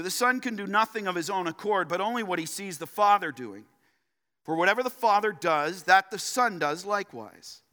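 High, bright-voiced preacher in a reverberant hall. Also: male voice. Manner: emphatic, repeats key phrases for stress. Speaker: pastor. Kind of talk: sermon. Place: church sanctuary.

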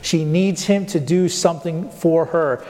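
A male pastor preaching a sermon, putting rhetorical questions to the congregation and slowing down to stress key points. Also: on the high side, dark tone, in a large hall. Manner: asks the congregation rhetorical questions, slows down for emphasis.

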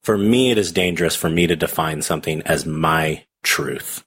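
A man's voice: very deep voice, fairly bright tone, slightly rough. A man talking bluntly on a podcast, cursing now and then and restarting his sentences. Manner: blunt, profane, halting restarts. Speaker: podcast guest. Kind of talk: casual podcast talk.

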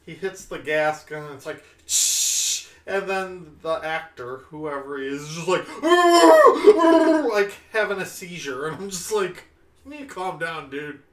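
A man's voice: fairly high pitch, normal speed, fairly bright tone. A man co-hosting a casual podcast chat, making wry, sweary asides in an echoey room. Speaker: podcast co-host.

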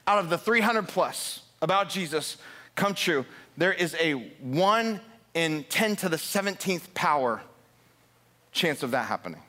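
Man, high-pitched, preaching, fired-up, asks the crowd questions. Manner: energetic, builds to fired-up emphasis, asks the congregation questions. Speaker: pastor. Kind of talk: sermon. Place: church sanctuary.

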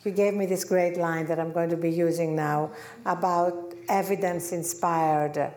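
A woman's voice: fairly low pitch, steady tone, measured pace, a little mellow. A woman from Greece with a Greek accent, giving a gracious, conversational public talk as the featured guest in a lecture hall.

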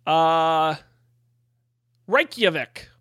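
A man's voice: fairly high pitch, drawn-out words, a bit bright, smooth, no room sound. A man running a tabletop game as game master, chatty and full of "uh" fillers.

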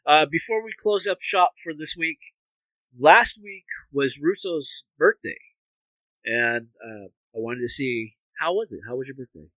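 A man in his thirties co-hosting a casual podcast, rambling and relaxed with easy laughter. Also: fairly high pitch, a little slow, dry recording, dull audio. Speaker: podcast co-host.

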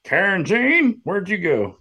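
A man's voice: high-pitched, big pitch swings, takes it slowly, bright, forceful tone, slightly rough. Rambling, sarcastic podcast co-host man. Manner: rambling, sarcastic, swears often. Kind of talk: casual profane podcast chat. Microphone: podcast microphone.

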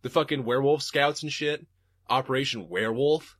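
A man's voice: medium pitch, fairly quick, fairly bright tone, no room sound, studio quality. A man hosting a podcast and reading live chat, talking casually and profanely and laughing often.

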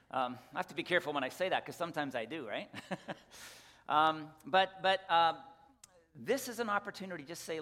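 This pastor's voice is fairly high, bright and forceful, and he moves briskly. He delivers a conversational, folksy church announcement full of restarts and asides, then leads a prayer from the pulpit while the sanctuary lends a long reverb.

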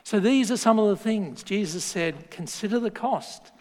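An Australian man preaching a sermon, telling stories in a lively, joking way. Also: high-pitched, moderate pace. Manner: lively storytelling with laughs and asides. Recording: long hall reverb.

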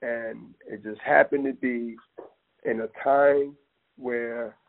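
Gravelly man on a tinny phone line. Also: medium pitch, steady tone, takes it slowly. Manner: emphatic, rambling, addresses listener directly with "man". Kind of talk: impassioned casual talk.

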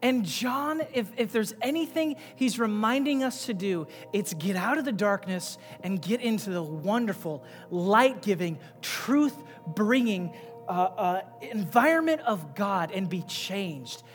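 A male pastor preaching a sermon, swinging between loud, emphatic passages and quiet, low asides. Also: expressive, unhurried. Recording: long reverb with faint music behind.

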